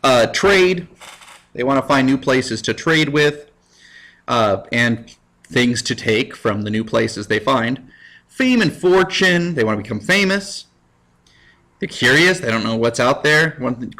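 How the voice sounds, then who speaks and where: A man's voice: medium pitch, fairly bright tone. A man teaching a recorded history lesson in a casual, playful way, with goofy asides and put-on quotes. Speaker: high school history teacher. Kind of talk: jokey recorded lecture.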